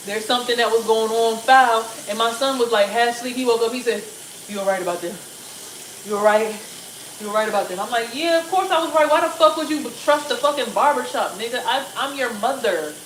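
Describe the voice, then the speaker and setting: A woman rants through a rambling live-stream monologue, swearing and animated as she jumps from thought to thought. Her voice sits a little high, and she is heard from a distance in an echoey kitchen with clear background noise. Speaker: vlogger.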